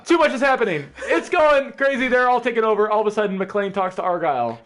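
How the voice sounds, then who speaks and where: A man casually reading a film script aloud with friends, playful and often laughing. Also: quick pace. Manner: playful, laughing, animated with big pitch swings. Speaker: script reader.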